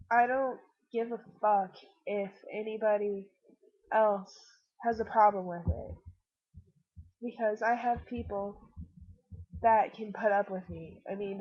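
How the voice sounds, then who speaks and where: A woman's voice: mid-range voice, steady tone, takes it slowly, pauses often, muffled recording. A woman who is sick, talking in a rambling, self-deprecating, earnest way straight to the viewer through her computer's webcam. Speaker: vlogger.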